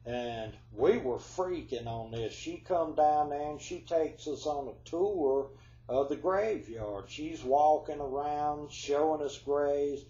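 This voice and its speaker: A man's voice: a little high, slow pace, dark tone, roomy sound, highs cut off. A man telling ghost stories in a folksy, drawling way, his voice congested from flu-like symptoms. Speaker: storyteller. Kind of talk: casual ghost storytelling.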